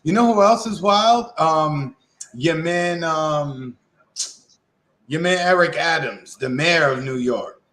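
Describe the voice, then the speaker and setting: A man's voice: fairly high pitch, takes it slowly, a bit bright. Laid-back, slangy man chatting. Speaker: podcast co-host. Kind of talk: casual chat.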